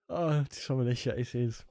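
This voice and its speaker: A man's voice: medium pitch, creaky, a little mellow. A young Scottish man co-hosting a podcast, chatting casually with lots of swearing, slang and laughter. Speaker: podcast co-host. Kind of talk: casual chat.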